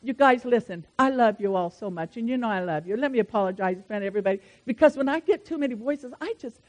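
A woman pastor preaches in a high, ringing voice. She moves fervently between loud declarations and hushed asides, speaking directly to her congregation. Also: expressive, fast talker. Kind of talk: sermon.

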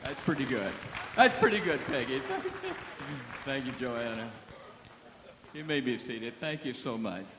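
A man's voice: mid-range voice, very animated, takes it slowly, long pauses, background noise. A man preaching as a guest speaker, folksy and joking, leading the crowd from a stage. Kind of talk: sermon. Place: church hall with a stage. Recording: echoey hall.

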